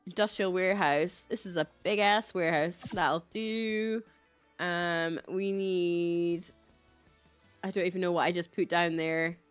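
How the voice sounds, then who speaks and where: A woman's voice: on the low side, steady tone, a little slow, smooth, soft background music. A woman with a Scottish accent giving casual, chatty livestream commentary over a game, reading and joking at herself. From Scotland. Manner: chatty, self-mocking, laughs often.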